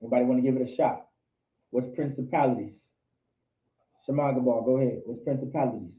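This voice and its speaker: A man's voice: medium pitch, fairly even intonation, fast. A man teaching a Bible class, quizzing his students and repeating key points for emphasis. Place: indoor meeting room with a class. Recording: tinny, echoey lo-fi room recording.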